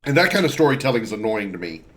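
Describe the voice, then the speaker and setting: A man's voice: on the low side, sing-song, racing, a bit bright. Chatty male game streamer. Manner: rambling, chatty, playful. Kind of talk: casual gameplay commentary.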